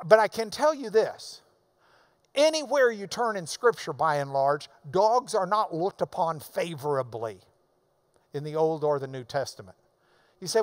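A male preacher with a high, lively voice that swoops up and down as he teaches. He takes his time, lingers on words, and hammers key phrases by repeating them in loud bursts. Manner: folksy asides to the congregation. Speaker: preacher teaching a Bible passage. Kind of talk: expository sermon.

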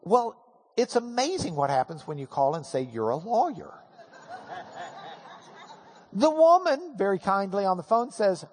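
A man teaching a Bible class, telling an animated, self-deprecating story. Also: sits high, unhurried, pauses often, breathy edge. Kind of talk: storytelling lecture. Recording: hall with long reverb.

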